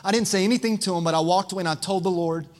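A man's voice: high voice, very fast. A man preaching a sermon as pastor, telling stories with energy and calling out to the congregation. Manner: preaching with crowd call-outs; animated storytelling.

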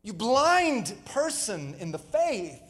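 A man's voice: high-pitched, very animated, takes it slowly, fairly bright tone. A male pastor preaching a sermon, emphatic, calling out to the congregation for responses. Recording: live sermon with long hall reverb.

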